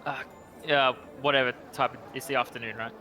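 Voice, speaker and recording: A man's voice: medium pitch, fairly even intonation, a little fast, bright, forceful tone, faint music behind. A man playing a tabletop game, speaking hesitantly in character with stumbles. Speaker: player.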